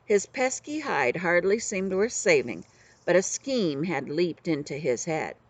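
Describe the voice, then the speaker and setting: An older woman, a grandmother, reading a children's book aloud with expressive storytelling. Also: fairly low pitch, a little slow.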